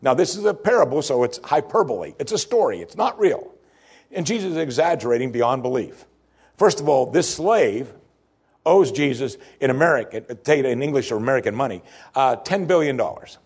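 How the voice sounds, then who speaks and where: Husky-voiced man preaching a sermon. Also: mid-range voice, lively intonation, fairly quick, a little mellow. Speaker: pastor.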